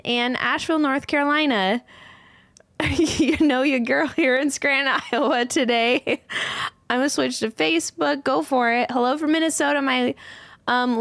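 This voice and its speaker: A yarn studio owner hosts a casual livestream in a high-pitched, slightly bright voice with no room sound. She chats and greets viewers individually by name, getting a bit scattered as she reads through the comments.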